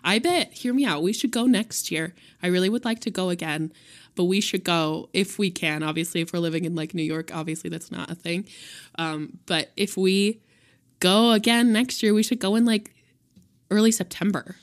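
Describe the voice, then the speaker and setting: Hoarse, raspy young woman podcast host. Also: fairly low pitch, moderate pace. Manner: animated, laughs often, swears casually. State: hoarse, voice worn out. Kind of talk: casual chat.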